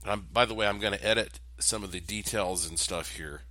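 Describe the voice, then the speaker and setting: A man from North Carolina with a North Carolina accent, telling a relaxed, rambling anecdote with asides as a vlog host. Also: on the low side, brisk, no room sound. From Asheville, North Carolina. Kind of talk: casual storytelling monologue.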